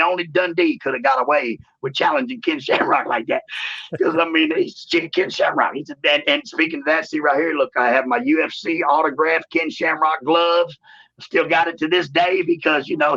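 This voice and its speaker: A man, telling stories in a shoot interview in a drawling, animated way and saying "man" often. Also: gravelly. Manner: animated storyteller, acts out quotes in a higher voice. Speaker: interview guest, former wrestler. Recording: dull lo-fi sound.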